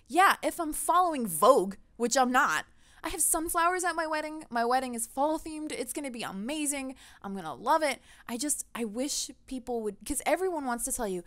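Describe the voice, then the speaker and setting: A woman's voice: sits high, very animated, moderate pace, a bit bright, no room sound. A young woman venting animatedly in a casual vlog rant, laughing often. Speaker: gaming vlogger.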